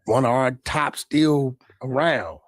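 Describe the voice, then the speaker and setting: A man's voice: mid-range voice, slow, no echo, clean studio sound. A man co-hosting a podcast, talking loose and slangy with plenty of profanity. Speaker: podcast co-host. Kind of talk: casual podcast chat.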